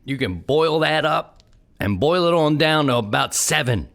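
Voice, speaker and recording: A man's voice: a little high, expressive, unhurried, creaky, a bit bright. A man with a Baltimore accent hosting a podcast in casual, rambling solo talk, joking and drifting off topic. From Baltimore, Maryland. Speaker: podcast host.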